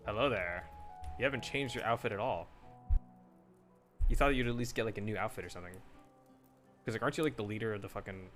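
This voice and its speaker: A man's voice: on the low side, fast, long pauses, fairly bright tone, soft background music. A young man streaming a game, chatting casually in a rambling, profane way that often breaks off mid-thought. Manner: profane, rambling, self-interrupting. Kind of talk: casual live commentary while gaming.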